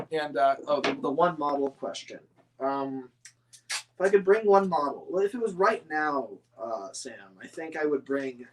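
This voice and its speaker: Un hombre de voz algo aguda charla de forma informal y entusiasta, divaga, se corrige a menudo y llena las pausas con muletillas. Habla como aficionado que responde preguntas de sus seguidores. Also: male voice, a little high, slight background noise. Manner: rambling, many fillers and restarts, enthusiastic. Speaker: scale model hobbyist answering viewer questions. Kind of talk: casual chat.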